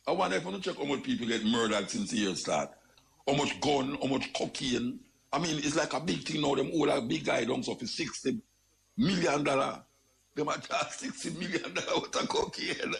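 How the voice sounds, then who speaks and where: A man with a Jamaican accent delivering an animated, patois-laced commentary monologue. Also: a little high, normal speed, creaky, slight background noise.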